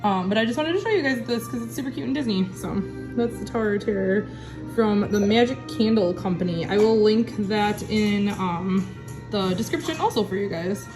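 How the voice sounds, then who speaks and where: A woman's voice: mid-range voice, expressive, normal speed, over music. A middle-aged woman chatting casually to viewers while cooking in her home kitchen. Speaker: cooking vlogger.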